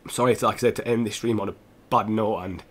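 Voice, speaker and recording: A young man, a gaming streamer, talking earnestly and haltingly to his viewers while close to tears. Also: on the low side, steady tone, a bit bright, slightly rough. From England. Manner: earnest, halting, with restarts and repeated phrases. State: tearful, close to crying. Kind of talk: emotional personal address to stream viewers.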